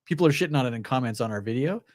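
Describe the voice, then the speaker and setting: A man co-hosting a VR gaming podcast, chatting casually with lots of excitement and some swearing. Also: medium pitch, very fast, no room sound, studio quality. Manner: excitable and effusive, swears freely. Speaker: co-host of a VR gaming show.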